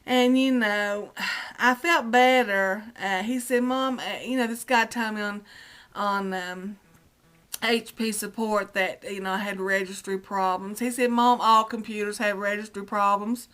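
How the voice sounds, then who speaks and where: A woman's voice: medium pitch, steady tone, a little slow, a bit bright. Indignant woman ranting about tech support. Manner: indignant, retelling dialogue with many "I said". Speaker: vlogger. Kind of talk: angry personal rant.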